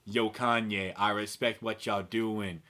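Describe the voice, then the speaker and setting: A man putting on a low sultry commenter voice. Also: level tone, measured pace, pushed and bright. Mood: mock-sultry.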